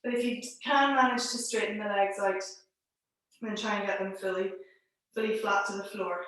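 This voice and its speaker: A woman teaching a live online pilates class from home over a video call, calmly giving cues and counting down holds, a little out of breath. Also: medium pitch, normal speed. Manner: calm instructing, counting holds aloud. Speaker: pilates instructor. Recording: echoey room, distant mic.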